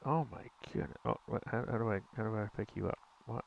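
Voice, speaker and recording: Young guy streaming a game, lowish voice, rambles n corrects himself, bit of faint hiss behind. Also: quick pace, vocal fry, hardly any pauses, dull audio. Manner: rambling, self-correcting, mild exclamations. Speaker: gaming streamer. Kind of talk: casual gameplay commentary chatting with viewers.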